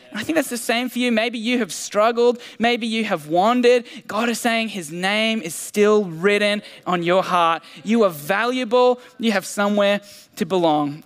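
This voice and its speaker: A man's voice: sits high, fairly bright tone. A man preaching a sermon in a casual, self-deprecating way, with fillers and restarts. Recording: long hall reverb.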